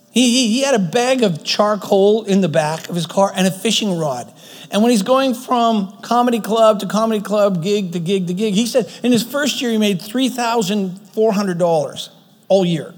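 A man's voice: high-pitched, moderate pace, in a large hall. A man preaching a sermon, retelling a story earnestly, often restarting his phrases.

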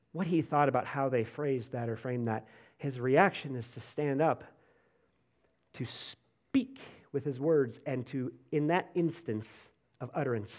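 A pastor with a mid-range voice delivers a conversational sermon, sprinkling in "like" and restarting sentences. He alternates between animated bursts and soft, hushed passages.

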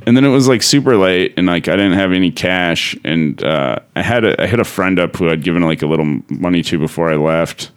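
A man's voice: low-pitched, a little fast, few pauses, clear, resonant tone. A male comedian guest telling a rambling story in a casual way, swearing a lot and filling with "like". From Denver area. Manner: rambling, heavy swearing, many filler words.

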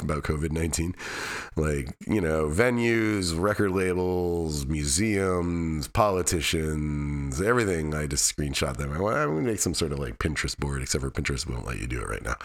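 A middle-aged man hosting his own podcast, giving a candid, rambling weekly update full of restarts and wry asides. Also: very deep voice. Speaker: podcast host. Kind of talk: casual solo update.

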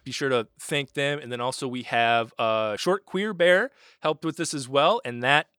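A man running a tabletop role-playing game, narrating in a relaxed way with many fillers. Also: mid-range voice, normal speed, smooth, no echo, clean studio sound. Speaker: game master.

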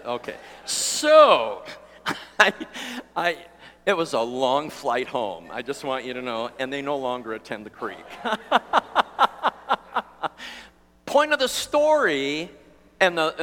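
A man's voice: a little high, bright, forceful tone, a little hiss or hum. A pastor in his sixties preaching a live sermon, telling a self-deprecating story in a chatty, conversational way. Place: church sanctuary before a congregation. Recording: long reverb of a church hall.

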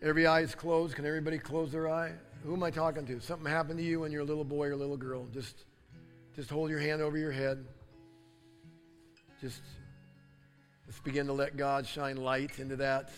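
A man preaching a sermon and leading prayer, fervent and declaring, building to loud repeated proclamations. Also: on the high side, level tone, fairly quick, long pauses. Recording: long hall reverb with soft guitar music.

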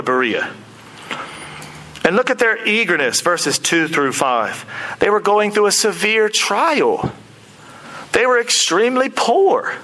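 A man preaching a sermon in an animated, conversational way, often acting out quoted speech. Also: high-pitched, slight background noise, poor audio. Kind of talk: expository sermon.

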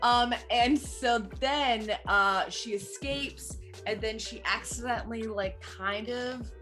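A woman co-hosting a podcast, recapping a movie in a rambling, animated way with sound effects and quick voices for the characters. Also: on the high side, faint music behind. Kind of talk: casual chat.

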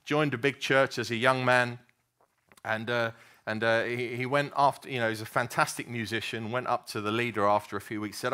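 A man's voice: medium pitch, fairly even intonation, moderate pace, bright, forceful tone, clear, resonant tone. A man preaching a sermon, telling stories earnestly with frequent restarts and fillers.

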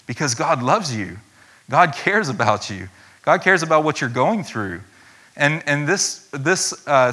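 A man's voice: mid-range voice, pushed and bright, breathy edge. A man preaching an earnest, conversational sermon and reading scripture aloud, with frequent fillers and restarts.

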